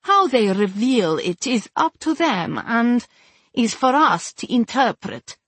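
A calm, aloof keeper of beasts explains himself in a patronizing tone, as if to a child, as a woman reads him aloud. His voice sits higher than her narration, slow and husky, with a lively lilt. The sound is dry. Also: no room sound, heavily acted. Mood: condescending. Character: calm, aloof man who keeps a tracking creature. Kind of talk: audiobook narration.

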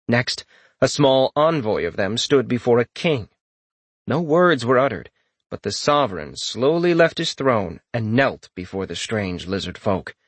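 A man narrating a fantasy novel as an audiobook in a steady, measured storytelling voice. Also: medium pitch, dry recording.

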